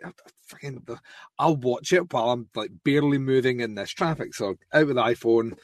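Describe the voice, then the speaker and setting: A Scottish man on a podcast spins a rambling story, swearing freely and slipping into mocking impressions of friends. His voice sits at a middle pitch and sounds close and dry. It comes across as casual chat between regular co-hosts. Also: fairly quick, no room sound. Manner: animated storyteller, swears freely, mimics others. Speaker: podcast co-host.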